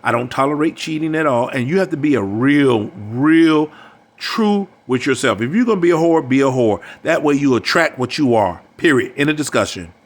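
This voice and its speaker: A man's voice: mid-range voice, animated, normal speed. Emphatic, preachy older man. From United States. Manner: preachy, emphatic, repeats phrases. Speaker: relationship coach. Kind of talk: monologue.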